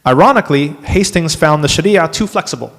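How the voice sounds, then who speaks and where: A man, an imam, giving a workshop lecture to a live audience, animated and dropping wry asides. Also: fairly high pitch, fairly quick. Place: mosque hall. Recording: long hall reverb.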